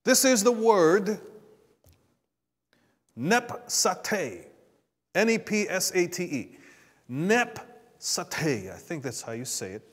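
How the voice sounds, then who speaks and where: A man delivers a sermon at a slow, deliberate pace, drawing out his words. His voice sits a little high for a man and alternates between hushed asides and forceful, emphatic climbs. He calls out to the congregation for responses, and a long reverb trails each phrase as it rings through a church sanctuary. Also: sing-song. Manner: dynamic preaching, swinging from quiet asides to emphatic rises. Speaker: preacher.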